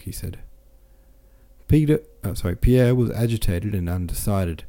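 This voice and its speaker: A man narrating a classic novel as an audiobook, steady and correcting himself now and then. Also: on the low side, a little slow. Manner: steady, with small self-corrections. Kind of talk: audiobook reading.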